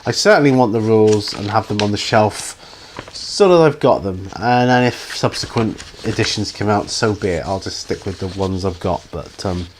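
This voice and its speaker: Slight background noise sits under this man's lowish voice. He's a middle-aged YouTube hobby channel host answering viewer questions in a casual, rambling way, hesitating often and restarting his sentences amid plenty of ums.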